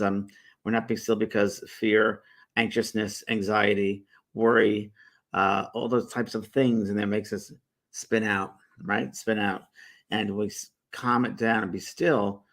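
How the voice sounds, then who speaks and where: A middle-aged man hosting a spiritual livestream, chatting casually and greeting viewers in a relaxed, rambling way. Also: lowish voice, a little slow. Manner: relaxed and rambling, with many fillers and restarts. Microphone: phone or webcam held by the speaker.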